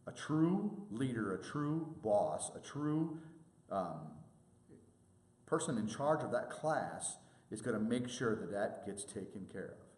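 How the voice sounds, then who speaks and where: His pitch sits fairly low and he takes his time, with the space sounding reverberant. In a presentation to sports officials, he tells lively stories and acts out each person he quotes.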